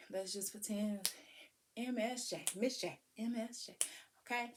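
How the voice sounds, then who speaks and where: A woman giving casual, animated parenting advice, breaking into sing-song sounds. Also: medium pitch. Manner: animated, preachy, sings and vocalizes to demonstrate. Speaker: parenting vlogger.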